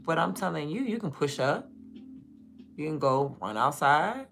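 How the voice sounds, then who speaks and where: A woman's voice: low-pitched, animated, measured pace, creaky, fairly bright tone, a little hiss or hum. A young woman chatting casually on her livestream, blunt and profane, rambling. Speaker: livestream host.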